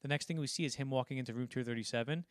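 A man's voice: medium pitch, no room sound, clean studio sound. Rambling man recapping a film. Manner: rambling, acts out film lines in quick impressions. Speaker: podcast co-host. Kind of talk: casual film discussion.

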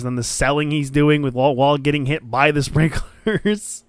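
A man's voice: a little high, brisk, hardly any pauses, clear, resonant tone, no room sound, studio quality. A man hosting a podcast, retelling a match in casual chat with eager, rambling enthusiasm. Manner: enthusiastic, rambling play-by-play recap. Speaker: podcast host.

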